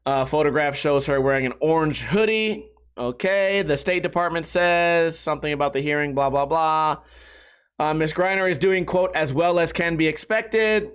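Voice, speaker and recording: A man's voice: on the high side, moderate pace, fairly bright tone, smooth. A young adult man hosting a casual solo podcast, rambling and swearing with self-mocking humor. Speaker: podcast host.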